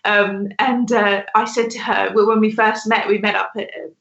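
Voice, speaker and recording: A woman's voice: medium pitch, fairly even intonation, moderate pace, gravelly, a bit bright, reverberant, dull audio. A woman co-hosting a podcast, chatting in a rambling way with many restarts. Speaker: podcast co-host. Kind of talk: casual discussion.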